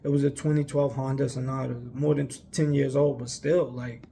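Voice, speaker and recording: A man's voice: mid-range voice, flat delivery, a little fast, creaky, warm tone, slight background noise. A young man telling a long personal story in a casual, rambling way, emphatic and full of fillers. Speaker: vlogger.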